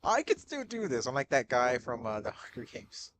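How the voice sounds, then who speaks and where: Excitable young man swearing over a game. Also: mid-range voice, noisy background. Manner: excitable, swears a lot, frequent "bro" and "dude"; panicky outbursts and rapid repeated shouts. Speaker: gaming streamer. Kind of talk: live gameplay commentary.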